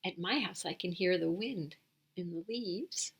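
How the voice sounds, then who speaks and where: Speaking at a measured pace in a lowish voice with vocal fry and a breathy edge, a woman leads a children's storytime. She reads a picture book aloud, does animal sounds and asks the little ones questions.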